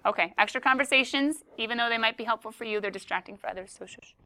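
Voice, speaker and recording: A woman's voice: fairly high pitch, very fast, pushed and bright. A woman teaching a classroom math lesson, playful and joking with her students as she works a problem.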